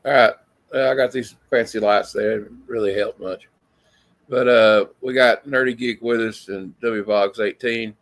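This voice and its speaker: A man's voice: fairly low pitch, steady tone, unhurried. Rambling man hosting a movie chat. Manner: rambling, lots of fillers. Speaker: host. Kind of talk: casual movie review chat. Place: home room with lights. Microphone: video call.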